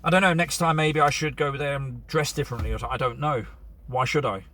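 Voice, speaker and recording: A man's voice: medium pitch, fairly even intonation, fast, pushed and bright, a little hiss or hum. A man from Bournemouth, chatting casually and telling stories to camera outdoors. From Bournemouth, England. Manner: chatty, storytelling, with restarts. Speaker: vlogger. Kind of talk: casual chat.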